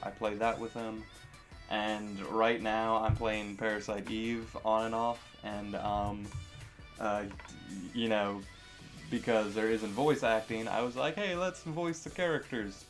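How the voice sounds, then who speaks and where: A man's voice: fairly low pitch, little pitch movement, takes it slowly, soft background music. A young man casually answering viewer questions in a vlog, rambling with lots of fillers and self-deprecating asides.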